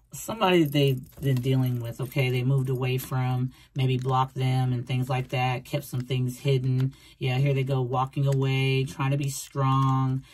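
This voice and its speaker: Speaking a little slowly in an extremely low, fairly flat voice with a darkish tone, a woman works through a relaxed tarot reading. She's chatty and meandering, repeats herself, and performs the thoughts she quotes.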